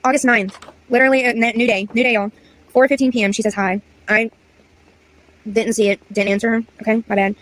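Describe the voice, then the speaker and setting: A woman's voice: on the high side, steady tone, brisk, a bit bright, poor audio. A young woman of about twenty, reading old text messages aloud in a chatty, exasperated story-time vlog. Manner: chatty, exasperated, slangy asides. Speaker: content creator.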